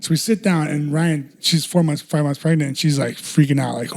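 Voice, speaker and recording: A man's voice: a little high, fast. A man co-hosting a podcast, telling stories in casual chat, swearing freely and acting out what others said. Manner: animated, swears a lot, acts out quotes. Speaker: podcast co-host.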